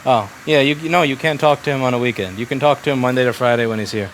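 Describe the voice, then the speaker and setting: A man's voice: mid-range voice, fast, slight background noise. A man running a repair shop, giving blunt, profane instructions to his staff in casual workplace talk.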